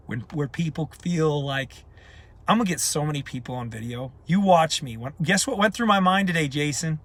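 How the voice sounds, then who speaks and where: Emphatic man, somewhat high voice. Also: normal speed, a bit bright, slight background noise. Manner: emphatic and passionate, repeating points. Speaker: community leader. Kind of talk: unscripted live video talk.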